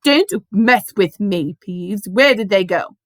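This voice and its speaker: A woman voicing a grumpy, hostile old male caretaker who demands answers gruffly, in a storybook reading. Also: mid-range voice, expressive, slow pace, no echo, clean studio sound. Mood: demanding.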